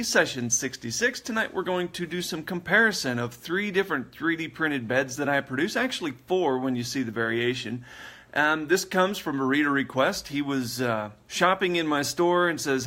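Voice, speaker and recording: A man's voice: on the high side, lively intonation, normal speed, bright, forceful tone. A man hosting a casual livestream, chatting in a rambling way and laughing often. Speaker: livestream host.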